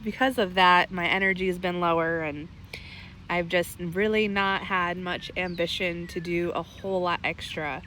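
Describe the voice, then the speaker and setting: Seated in a lounge chair in her backyard garden, a garden vlogger in her thirties who is heavily pregnant chats casually about her plants. She's short of breath yet relaxed, talkative and lightly laughing, speaking at a moderate pace in a fairly low voice over a little hiss or hum.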